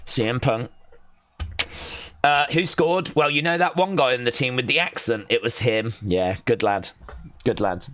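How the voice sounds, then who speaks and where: An excitable young man, hosting a live watch-along stream, chatting, chanting and reading out viewer comments. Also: medium pitch, measured pace, dry recording. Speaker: livestream host.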